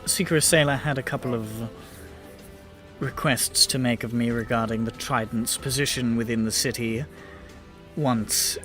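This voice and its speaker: A man voicing Orin, a steady male ally leader in a tabletop game, talking calm and measured. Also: medium pitch, soft background music, voice pushed down, close to an everyday voice. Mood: calm resolve.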